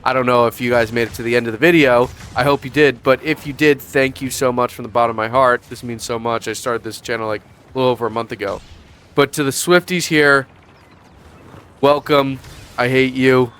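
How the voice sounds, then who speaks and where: A man's voice: mid-range voice, fairly even intonation, a little fast, a bit bright, slight background noise. A young man in a casual commentary vlog, sarcastic and profane, mocking as he talks. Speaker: YouTube commentator.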